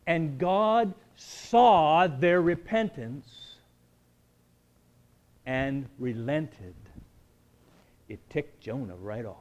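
A man as pastor, preaching a conversational sermon with joking asides and shifts between quiet talk and emphatic build-ups. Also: medium pitch, very slow, long pauses, lo-fi sound.

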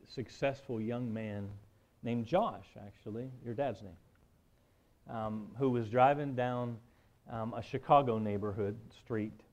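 A man delivers a sermon in a relaxed, storytelling way, pausing with "um" and checking in with "right?". His voice sits in a middle pitch. The recording is a little dull and muffled. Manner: conversational storytelling, frequent "right?" and "um". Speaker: preacher.

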